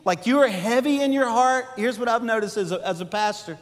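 A middle-aged male pastor preaching a sermon, swinging between loud emphasis and hushed, intimate asides. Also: very high-pitched, fairly quick. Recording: long hall reverb.

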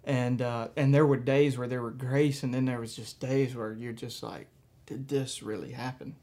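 A man pastor telling a personal story in a church message, soft-spoken and halting, with frequent fillers. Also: medium pitch, steady tone.

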